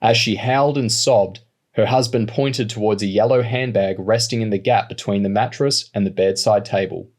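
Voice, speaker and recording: A man narrating an audiobook in a steady, measured reading voice. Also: on the low side. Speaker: audiobook reader. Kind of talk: storybook narration.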